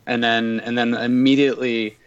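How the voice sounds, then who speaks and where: A man on a football podcast who talks in a halting, reflective way and often corrects himself. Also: mid-range voice, level tone, clear, resonant tone. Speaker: podcast panelist. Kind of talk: casual football podcast chat. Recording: dull lo-fi audio.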